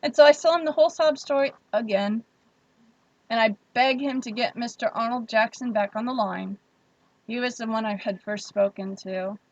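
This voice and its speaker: A woman streamer telling a story in a wry, animated way, laughing between lines. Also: fairly high pitch, moderate pace, dry recording. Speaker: livestream host. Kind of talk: casual storytelling. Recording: dull lo-fi stream audio.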